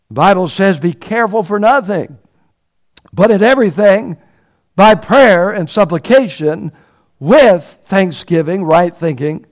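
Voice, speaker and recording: A man preaching a sermon, reading scripture slowly and swelling from quiet asides into passionate cries. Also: high-pitched.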